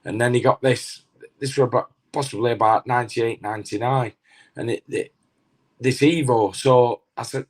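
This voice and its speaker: A middle-aged man tells an anecdote in a casual interview, halting often with restarts and fillers. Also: mid-range voice, steady tone. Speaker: former boxer, interview guest.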